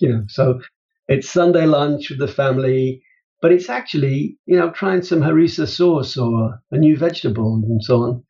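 A man speaking as an interview guest, telling lively stories and acting out quotes with big jumps in pitch. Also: normal speed, creaky. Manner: animated storyteller, jumps high in pitch for emphasis and quotes. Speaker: guest, business author. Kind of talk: conversational interview. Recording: dull lo-fi sound.

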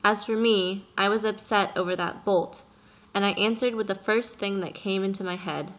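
Bright-voiced woman narrating a storybook. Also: medium pitch, steady tone, rough recording. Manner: measured, gentle storytelling. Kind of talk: audiobook narration.

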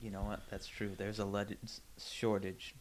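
A man's voice: fairly low pitch, flat delivery, normal speed, crowd noise. A man co-hosting a comedy podcast, bantering in a mock-crotchety, playful way. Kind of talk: casual comedic chat.

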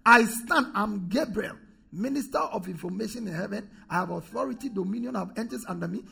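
A man's voice: high-pitched, fairly quick, vocal fry, bright, forceful tone, breathy edge, heavily acted. A man acting out a proud, indignant male angel messenger who scolds and boasts of his authority.

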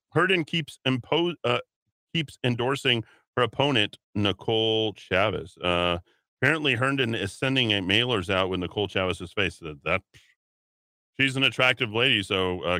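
A man's voice: lowish voice, pushed and bright, no room sound, studio quality. A man hosting political talk radio, speaking in a sarcastic, mocking way. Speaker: radio talk show host.

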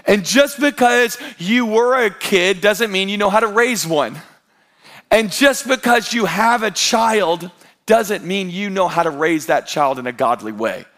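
Bright-voiced, animated man preaching. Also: high-pitched. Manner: animated storytelling with quoted voices. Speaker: pastor. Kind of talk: sermon.

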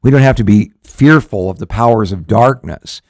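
A male pastor and show host teaches the Bible in a conversational way, earnestly rambling with frequent restarts and fillers. His voice is on the low side and a little mellow, at normal speed, recorded dry and close with no room sound.

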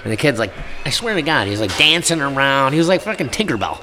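A man's voice: medium pitch, very animated, fast talker, pushed and bright. A man from the Buffalo area telling a rowdy tailgating story in casual chat, laughing and acting out the quotes.

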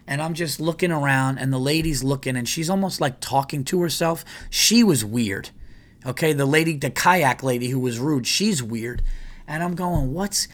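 Profane, animated storytelling man. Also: mid-range voice, moderate pace. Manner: profane, animated retelling with exasperated quoted asides. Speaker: podcast host. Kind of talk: casual storytelling.

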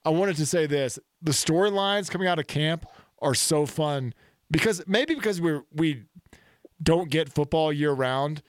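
A man co-hosting a podcast, chatting about football in a casual, animated way. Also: fairly high pitch, measured pace, dry recording, studio quality. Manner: animated, does jokey voices in stories. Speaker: podcast co-host. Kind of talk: casual sports chat.

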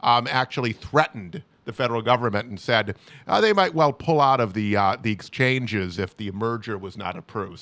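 A man's voice: lowish voice, a bit bright, no echo. A man co-hosting a political talk show, explaining the news earnestly with frequent restarts. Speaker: co-host.

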